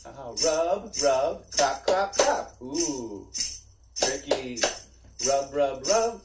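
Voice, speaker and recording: Young man, preschool music teacher, upbeat sing-song coaxing, slow, roomy echo, music playing. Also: mid-range voice, very animated. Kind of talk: virtual kids' music class. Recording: echoey room, mic at a distance, music.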